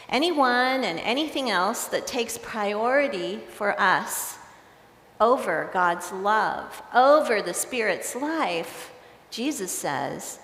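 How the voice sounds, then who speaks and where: A woman's voice: fairly high pitch, fairly bright tone. Woman preaching in an echoey church. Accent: American. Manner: conversational, storytelling, playful with the congregation. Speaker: pastor. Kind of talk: sermon. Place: large church sanctuary. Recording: echoey church with long reverb.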